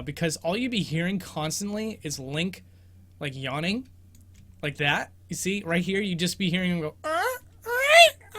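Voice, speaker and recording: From his bedroom, a young man whose voice is a little high and fairly bright runs a laid-back livestream Q&A about a video game. As host of a game exploration show, he rambles, pokes fun at himself, and laughs a lot.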